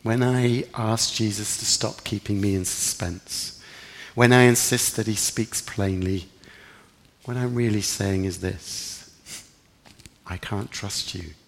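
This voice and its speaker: Man, preacher, sermon, earnest, reflective, gravelly voice, long church reverb. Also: lowish voice, fairly even intonation, measured pace. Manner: earnest, reflective, rising with emphasis in quoted prayers.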